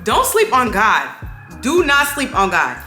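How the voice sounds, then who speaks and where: A young woman with a drawl gives lively, emphatic life advice while doing her makeup at home late at night. Her voice is bright and clear, and it rings a little in an echoey room. Soft music plays faintly underneath. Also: on the high side, measured pace. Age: 20s. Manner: animated, emphatic, preachy motivational. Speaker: beauty vlogger.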